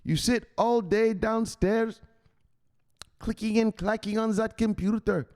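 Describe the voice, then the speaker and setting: A man voicing a fretful, doting older mother who pleads with her son in drawn-out, flowery endearments. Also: high-pitched, fairly even intonation, darkish tone, voice pushed up. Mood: doting, pleading.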